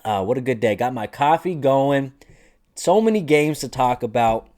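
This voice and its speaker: A man hosting a casual sports commentary vlog, animated and joking with lots of swearing. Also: medium pitch, normal speed. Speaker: host.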